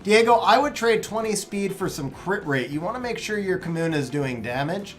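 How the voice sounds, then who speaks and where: Laid-back male streamer, high voice. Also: animated, normal speed, soft background music. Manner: laid-back, chuckles often, addresses chat as bro and man. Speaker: game streamer. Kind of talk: live-stream chat and commentary.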